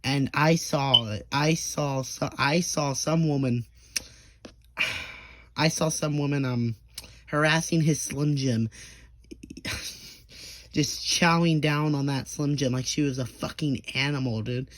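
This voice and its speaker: A man's voice: on the high side, steady tone, slow, pauses often, a bit bright, no room sound. Rambling, profane young man telling a story. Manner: rambling, profane, lots of restarts and stammers; acts out quoted people in short bursts. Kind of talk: casual storytime monologue.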